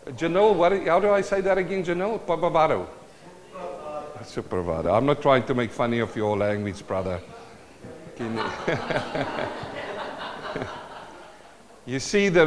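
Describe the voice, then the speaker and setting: A man's voice: mid-range voice, a little hiss or hum. Male preacher, South African accent, playful and interactive, recorded with long church reverb. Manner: playful, calls out to the congregation. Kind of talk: sermon.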